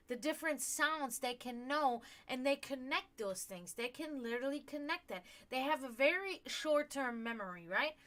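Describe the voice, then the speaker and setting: A woman hosting a psychic livestream, talking casually in an animated, rambling, earnest way with many fillers. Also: sits high. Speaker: livestream host and psychic reader.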